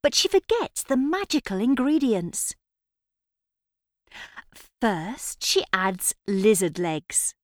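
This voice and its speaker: Slow, lively woman storyteller. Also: fairly high pitch, no room sound, studio quality. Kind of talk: children's story narration.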